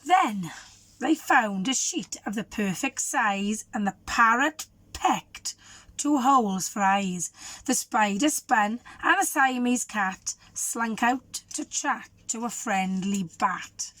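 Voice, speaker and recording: A woman teacher, a little croaky, reading a children's storybook aloud and asking the listeners questions. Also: fairly high pitch, expressive, slow, no echo. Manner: warm, asks the children questions. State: hoarse.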